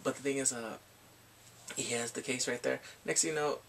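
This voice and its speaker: A man casually recapping and reviewing a drama, excitable and animated, often laughing and acting out his reactions. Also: medium pitch, a little fast, vocal fry, slight background noise.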